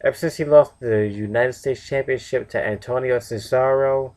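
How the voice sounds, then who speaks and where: A tired young man reviews a wrestling show by himself, yawning as he rambles through fillers and corrections of his own words. His voice is mid-range and a little mellow, at a moderate pace.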